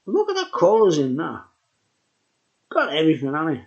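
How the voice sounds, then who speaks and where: A man's voice: fairly high pitch, wildly swooping pitch, normal speed. A tipsy man rambling through a casual beer review. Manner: rambling and chatty, full of fillers. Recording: dull lo-fi recording.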